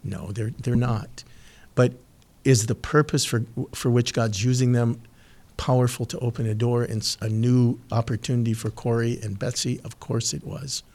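Earnest man giving a slow devotional. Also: medium pitch, fairly even intonation, a little mellow. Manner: earnest, slow and emphatic with pauses, gets emotional. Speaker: podcast host giving a devotional. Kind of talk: devotional talk and prayer.

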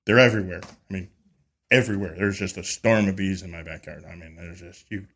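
A husky, somewhat low-voiced beekeeper talks fairly quickly as a podcast guest, telling his story in a loose, conversational style. He does spirited voices when quoting people and keeps restarting or doubling up on words.

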